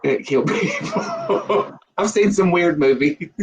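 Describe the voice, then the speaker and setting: A man's voice: high-pitched, wildly swooping pitch, slow, dull audio, noisy background. A man, chatting casually on a live stream and telling joking stories with frequent laughter. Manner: joking storyteller, laughs often.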